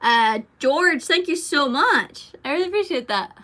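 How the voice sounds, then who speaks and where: A woman's voice: sits high, expressive, measured pace, a bit bright. A young woman chatting casually on a live stream, giggly and answering fans' comments. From Ireland. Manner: chatty, giggly, reads fan comments aloud. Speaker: singer streaming to fans.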